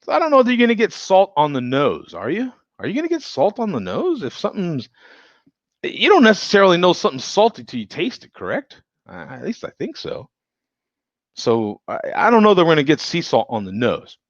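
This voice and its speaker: A man's voice: a little high, huge pitch swings, fairly quick, no echo, highs cut off. A man casually reviewing a beer on a live stream, joking and laughing often as he chats with viewers.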